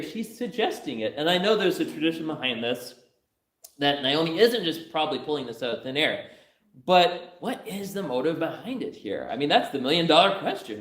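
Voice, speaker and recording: A man's voice: a little high, a bit bright. A young male pastor preaching in a chatty, humorous storytelling way, with a slightly raised voice. His words ring through a roomy church sanctuary. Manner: conversational, humorous storytelling with laughs. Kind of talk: sermon.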